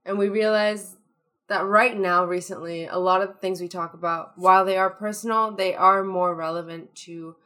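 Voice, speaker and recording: A woman's voice: lowish voice, steady tone, moderate pace, bright, forceful tone. A woman co-hosting a casual podcast, chatting and laughing easily with fillers between thoughts. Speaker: podcast co-host.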